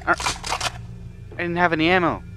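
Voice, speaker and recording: A man's voice: a little high, lively intonation, a little slow, pushed and bright, soft background music. A man giving nervous, jumpy let's-play commentary on a horror game he is playing. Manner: jumpy, nervous, swears mildly, yelps when startled.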